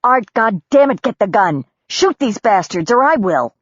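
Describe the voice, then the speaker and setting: A woman narrator voicing a hot-tempered woman who shouts and swears at intruders on her property. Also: low voice, expressive, measured pace, breathy edge, dry recording, highs cut off, heavily acted. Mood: furious yelling.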